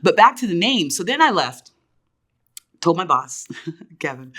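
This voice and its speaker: A woman's voice: lowish voice, very animated, a little slow, pushed and bright. A woman around forty, a business owner, telling her story as a guest in a podcast interview and acting out the voices of people she quotes.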